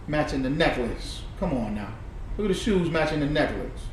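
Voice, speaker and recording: A man giving animated, preachy and profane reaction commentary on played clips, laughing often. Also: a little high, moderate pace. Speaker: online commentator. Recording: echoey room, far from the mic, faint noise.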